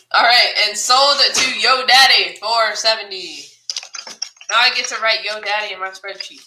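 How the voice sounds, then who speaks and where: A woman's voice: medium pitch, pushed and bright, slight background noise. A woman co-hosting a live-stream auction, chatting with viewers, reading their comments and calling bids with frequent laughter. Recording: roomy echo.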